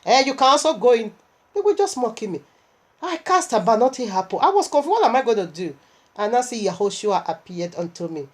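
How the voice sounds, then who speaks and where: A woman's voice: a little high, lively intonation, brisk. A woman preacher delivering a sermon while unwell and tired, telling her story animatedly and emotionally, with laughs.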